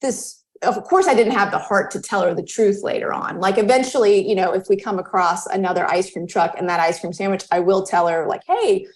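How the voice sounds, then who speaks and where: Woman, thirties, podcast guest, chatty storytelling, lively pitch leaps when quoting people. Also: fairly quick, few pauses. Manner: animated, acts out quoted dialogue with pitch jumps. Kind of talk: casual storytelling in an interview.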